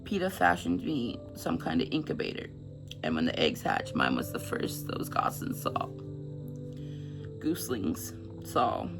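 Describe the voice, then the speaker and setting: Gravelly-voiced woman reading a book aloud. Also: rumbling low, huge pitch swings, measured pace, music in the background. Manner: stumbles over words while reading aloud; emotional, effusive chatter. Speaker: book reviewer. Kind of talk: reading a novel aloud and gushing about it.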